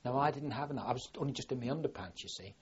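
A man's voice: medium pitch, rapid-fire, husky. An older man from southwest England, a war veteran, recalling his experiences in a rambling, plain-spoken way full of restarts. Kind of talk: oral history recollection. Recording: dull lo-fi archive recording.

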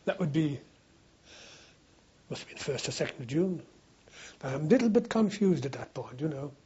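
A man's voice: on the high side, expressive, normal speed, mellow, husky, lo-fi sound. An older man, a war veteran, recalling old times in a rambling, anecdotal way for an oral history interview. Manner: rambling anecdotal storytelling, frequent restarts.

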